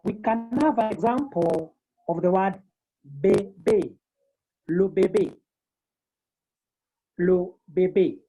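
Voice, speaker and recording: Slow, patient woman teaching French. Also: mid-range voice, mellow, faint music behind, low-quality recording. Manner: slow, repeats each term several times. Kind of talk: online language lesson. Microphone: video call.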